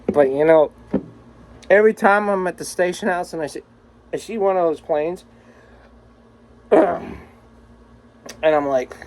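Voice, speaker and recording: Slow-talking man with a rather high voice. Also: a little mellow, poor audio. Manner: rambling, swears freely, laughs often. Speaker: vlogger. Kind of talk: casual video message to a friend.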